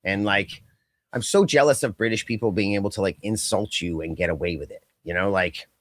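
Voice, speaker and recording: A young adult man co-hosting a casual podcast chat, rambling and animated, with lots of fillers and quick mock impressions. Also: fairly low pitch, dry recording. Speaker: podcast co-host.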